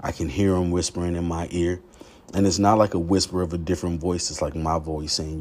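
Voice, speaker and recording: A man hosting a podcast, talking in a candid, profane, confessional monologue that swings from low murmurs to heated outbursts. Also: flat delivery, fairly quick, a little mellow. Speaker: podcast host.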